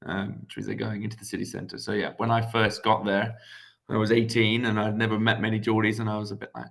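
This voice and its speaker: A young man from England speaks as a guest on a video call, relaxed and full of ums and little restarts. His voice sits low with a gravelly, creaky texture. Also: fairly quick. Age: young adult. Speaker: guest economist. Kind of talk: casual video-call interview.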